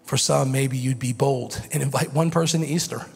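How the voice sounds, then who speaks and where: Man, pastor, sermon, raspy fry, reverberant sanctuary. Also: medium pitch, steady tone, normal speed, few pauses, faint music behind. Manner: builds from quiet teaching to loud shouted preaching. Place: church sanctuary. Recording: long hall reverb.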